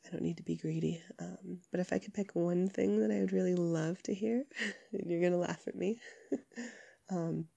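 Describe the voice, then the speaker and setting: A young woman with a sick voice chatting casually to her listeners from her couch, rambling with lots of fillers and soft giggles. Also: lowish voice, normal speed, vocal fry, no room sound.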